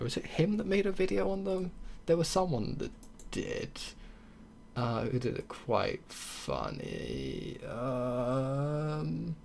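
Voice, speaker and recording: A man's voice: mid-range voice, gravelly, darkish tone. Young guy ranting on his podcast, blunt and sweary, does sarcastic little mock voices, faint hiss behind. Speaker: podcast host. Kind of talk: casual solo podcast rant.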